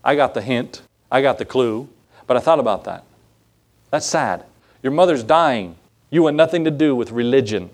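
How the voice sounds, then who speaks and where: A male pastor delivers a sermon with a mid-range voice. He is folksy and earnest, telling stories in a conversational way. It sounds like a church sanctuary. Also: medium pitch.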